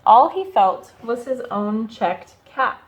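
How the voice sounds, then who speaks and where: Teacher lady reading a kids' story, slow and lively, kinda high voice, asks the kids stuff. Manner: slow, expressive, pauses to ask children questions. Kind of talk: reading a picture book aloud to children.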